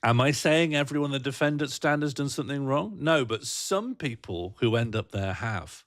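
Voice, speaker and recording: Lively British man rambling on stream. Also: medium pitch, moderate pace, no room sound, clean studio sound. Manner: rambling, jokey and self-mocking. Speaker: livestream host. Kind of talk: casual chat reading viewer comments.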